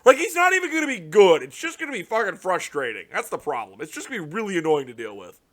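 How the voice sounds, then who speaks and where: Cursing, animated young man ranting. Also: high-pitched, fast. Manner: profane, exasperated ranting with sudden loud outbursts. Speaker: card game content creator. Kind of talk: casual reaction commentary.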